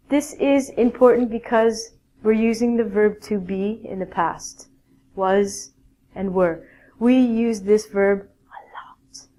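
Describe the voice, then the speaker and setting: Slow, clear-speaking woman teacher. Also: a little high, darkish tone, a little hiss or hum. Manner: slow, clear teaching with many "okay?" checks. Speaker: English teacher. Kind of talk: classroom grammar lesson.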